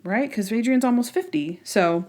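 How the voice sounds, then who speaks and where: A woman co-hosting a podcast, chatting casually and retelling scenes in an animated way. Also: a little high, moderate pace. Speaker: podcast co-host. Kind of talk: casual chat.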